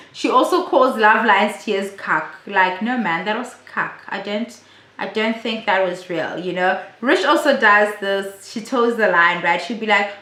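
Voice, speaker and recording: Woman, chatty, swears freely, casual recap talk, echoey room, middle pitch. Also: normal speed, sharp tone. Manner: chatty, blunt and profane. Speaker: reality TV recap vlogger. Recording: roomy echo.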